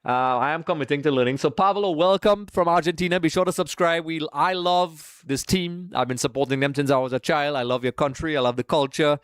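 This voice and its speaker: A man's voice: a little high, brisk, hardly any pauses, fairly bright tone, clear, resonant tone, no echo, clean studio sound. A man from Trinidad, hosting a live watch-along stream in a casual, chatty way, greeting viewers by name and calling them folks.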